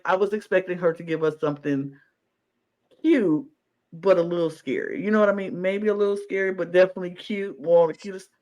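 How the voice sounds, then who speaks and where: A man co-hosting a podcast in casual reaction chat, animated and gushing, acting out his own reactions. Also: on the high side. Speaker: podcast co-host.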